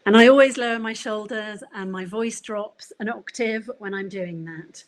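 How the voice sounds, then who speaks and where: A middle-aged woman giving a career coaching talk at a conference, gentle and encouraging, with frequent fillers. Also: mid-range voice, normal speed, hardly any pauses, rough recording. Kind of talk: conference presentation.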